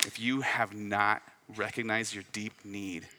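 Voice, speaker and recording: Bright-voiced male pastor preaching. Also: fairly low pitch, level tone, unhurried, big-room sound. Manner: swings from loud emphatic peaks to soft hushed asides. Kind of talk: sermon.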